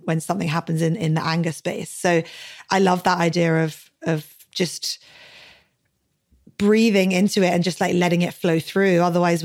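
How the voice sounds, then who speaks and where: A woman's voice: fairly low pitch, darkish tone. Chatty young woman podcast host. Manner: chatty, fills speech with "like", swears casually. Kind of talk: casual podcast chat.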